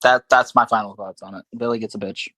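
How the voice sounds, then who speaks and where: A man co-hosting a casual podcast, dropping blunt, crude one-liners in a deadpan way. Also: on the low side, quick pace, no echo. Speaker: podcast co-host. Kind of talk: casual banter.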